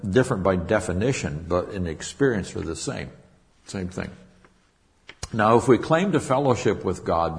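A man with a very low, deep voice delivers a Bible teaching sermon. He explains words from the Greek carefully and leans hard on key phrases. He often repeats himself and restarts a thought before pushing on. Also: vocal fry.

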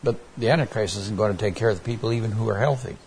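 A man's voice: lowish voice, rapid-fire, darkish tone, a little hiss or hum. A man preaching a Bible sermon, earnest and plainspoken, often restarting his words with fillers.

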